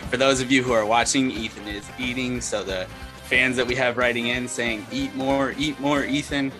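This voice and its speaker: A man hosting a casual sports podcast, upbeat and quick to laugh. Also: medium pitch, steady tone, over music. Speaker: podcast host. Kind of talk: casual chat.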